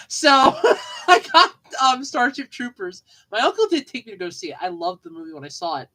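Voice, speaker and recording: On a rough recording, a female podcast host speaks briskly in a mid-range, slightly bright voice with big pitch swings. She rambles through childhood stories and casual movie talk, repeating herself often and laughing.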